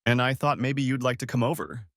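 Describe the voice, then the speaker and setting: A man's voice: mid-range voice, steady tone, a little fast, fairly bright tone, no room sound, studio quality, close to an everyday voice. A man voicing a scheming middle-aged ex-wife who coaxes with a put-on sweetness. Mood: coaxing. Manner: coaxing, wheedling.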